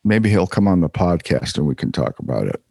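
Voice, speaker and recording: A man co-hosting a podcast in casual chat, rambling with halting restarts. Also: sits low, very animated, vocal fry, dark tone, breathy edge, dry recording. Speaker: podcast co-host.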